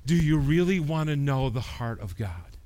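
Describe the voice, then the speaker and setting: A man preaching a sermon, swinging from quiet talk to loud preaching and asking the congregation questions. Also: mid-range voice, expressive, moderate pace. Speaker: pastor.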